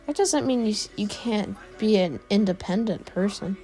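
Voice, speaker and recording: A woman's voice: normal speed, faint music behind, close to an everyday voice, low-quality recording. A woman putting on a brash, hotheaded teen boy. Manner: pitched up, loud, scoffing. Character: brash loud teenage boy rival, hotheaded.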